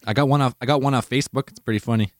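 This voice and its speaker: Relaxed, foul-mouthed male podcast host. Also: mid-range voice, racing, no echo, clean studio sound. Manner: relaxed, swears casually, enthusiastic. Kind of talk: casual podcast chat.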